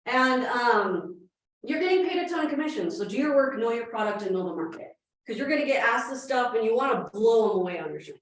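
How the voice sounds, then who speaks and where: Speaking a little high, a woman in her thirties runs a lively, rapid real estate training talk for a roomful of listeners and keeps asking them questions. The meeting room sounds very reverberant, picked up from far away.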